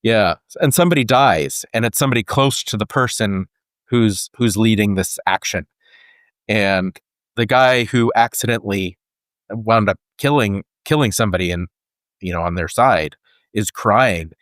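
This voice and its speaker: A man's voice: fairly low pitch, normal speed, a bit bright, dry recording, studio quality. A man co-hosting a podcast, talking in earnest and thinking aloud with frequent restarts. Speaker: podcast co-host. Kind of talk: casual conversational podcast.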